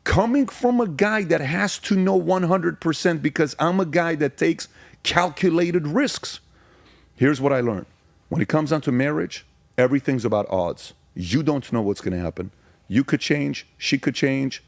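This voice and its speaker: A man's voice: on the high side, lively intonation, moderate pace, creaky, no echo. A middle-aged man giving his testimony as a podcast guest, speaking emphatically and telling stories, repeating phrases to drive points home.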